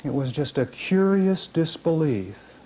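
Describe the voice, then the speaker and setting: A man reading his own first-person fiction aloud at a literary reading, measured and dramatic, with heavy pauses. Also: a little high, very animated, dark tone. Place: reading series event.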